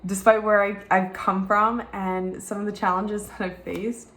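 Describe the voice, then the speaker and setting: A woman's voice: mid-range voice, little pitch movement, measured pace, fairly bright tone, reverberant, a little hiss or hum. A young woman with a Southern American accent, talking candidly in a rambling, frank vlog style and swearing freely. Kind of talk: candid personal vlog talk. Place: rented home room with white walls.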